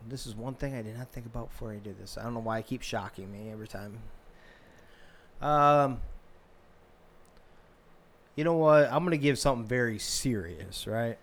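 A man's voice: mid-range voice, moderate pace, pauses often. A man co-hosting a podcast, chatting in a laid-back way and laughing often. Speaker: podcast co-host. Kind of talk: casual chat.

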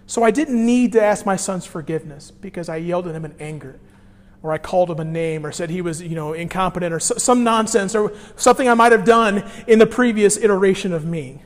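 A man with a notably high voice preaches a sermon as pastor, his words trailing into the long reverb of a big hall. He tells stories with animated swings, dropping soft and then bursting out loud. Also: a little fast. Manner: animated storytelling with sudden swings between quiet and loud.

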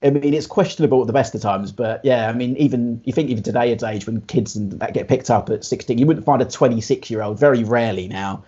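Husky-voiced man chatting casually. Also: medium pitch, quick pace, few pauses. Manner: relaxed, laughs easily, rambling asides. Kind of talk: casual chat. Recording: slightly dull lo-fi recording.

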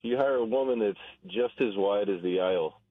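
A man's voice: lowish voice, fairly quick, no echo, narrow, tinny audio. A man calling in to a radio show, hesitant at first and then blunt. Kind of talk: casual radio chat.

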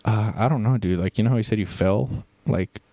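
A man's voice: fairly low pitch, fairly quick, warm tone, dry recording. A man hosting a podcast in an improvised comedy chat, rambling with lots of fillers.

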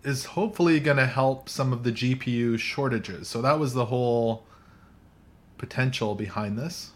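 A man's voice: mid-range voice, moderate pace. A man hosting a casual tech chat show with a co-host, recorded in a coffee shop. He talks in a chatty way, laughs often and restarts his sentences. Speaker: podcast host.

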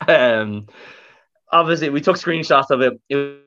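A man's voice: mid-range voice, a little slow, muffled recording. A man chatting with an old friend, telling stories animatedly and acting out other people's lines. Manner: animated storyteller, acts out quoted voices. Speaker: podcast guest. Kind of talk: casual chat between old friends. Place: living in California.

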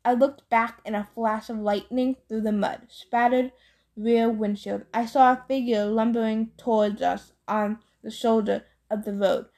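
A woman reading a novel aloud in a plain, steady storytelling manner. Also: a little high, a little slow. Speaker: audiobook reader.

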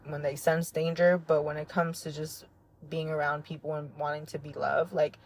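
A woman hosting a solo podcast, talking earnestly and heartfelt in a rambling way, full of "like" and soft laughs. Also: low-pitched, little pitch movement, normal speed, slight background noise. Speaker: podcast host. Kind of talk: reflective solo podcast monologue.

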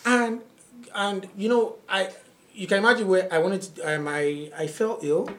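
This is a male comedian guest with a high voice and a moderate pace, chatting casually and telling stories. He's an animated storyteller who acts out what people said and laughs often.

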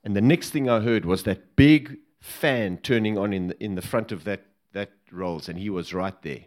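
A low-voiced former presidential bodyguard tells an anecdote to a live audience at normal speed. He is lively and humorous, laughing at his own story as he goes.

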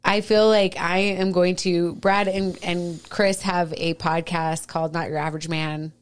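Woman, middle-aged, podcast host, upbeat casual chat, slightly low voice. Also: flat delivery, smooth. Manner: upbeat, laughs easily, quick restarts.

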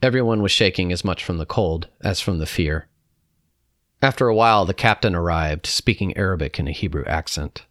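A man reading a personal reflection aloud in a calm, measured way. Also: sits low, dry recording, clean studio sound. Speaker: narrator.

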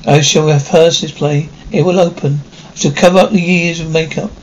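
An older actor playing a melancholy aging stage star in a 1950s television drama, talking in a wistful, theatrical way. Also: male voice, fairly high pitch, fairly even intonation, normal speed, lo-fi sound, close to an everyday voice. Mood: weary, melancholy. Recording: faint hiss of an old TV soundtrack.

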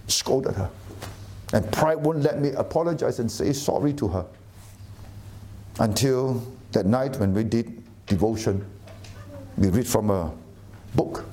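A man's voice: medium pitch, darkish tone, a little hiss or hum. A middle-aged man preaching a sermon, emphatic and often asking the audience questions. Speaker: pastor.

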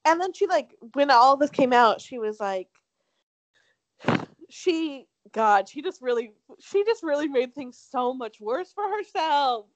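A woman's voice: high-pitched, lively intonation, takes it slowly, no echo. A young woman co-hosting a podcast, gossiping casually in slangy, laughing chat. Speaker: podcast co-host.

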